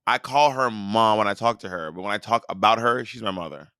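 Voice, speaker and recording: A man's voice: fairly low pitch, fairly quick, sharp tone, clean tone, no echo, studio quality. A man co-hosting a podcast in casual chat, blunt and argumentative with a sassy edge. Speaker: podcast co-host.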